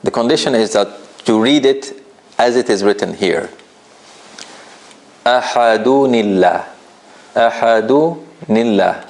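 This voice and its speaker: A man teaching a recitation class in a relaxed, conversational way, often checking understanding with "right?" and putting questions straight to his students. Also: on the low side, moderate pace, vocal fry. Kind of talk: classroom lesson.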